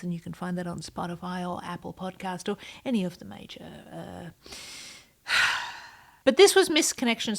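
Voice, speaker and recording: A woman's voice: mid-range voice, fairly bright tone. A woman who writes and vlogs, chatting casually and playfully about her writing and dropping little whispered asides. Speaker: writer and vlogger. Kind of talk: casual behind-the-scenes chat.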